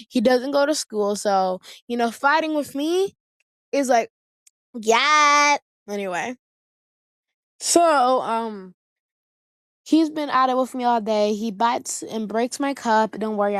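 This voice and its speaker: A woman's voice: fairly high pitch, dry recording, studio quality. A woman vlogger casually telling family stories, chatty and slangy, often circling back to her point. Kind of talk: casual storytelling to camera.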